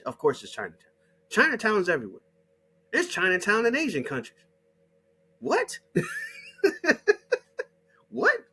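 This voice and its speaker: A man's voice: high-pitched, fairly bright tone, breathy edge. A middle-aged man delivering a heated, mocking monologue full of swearing. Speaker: channel host. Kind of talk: profane ranting monologue.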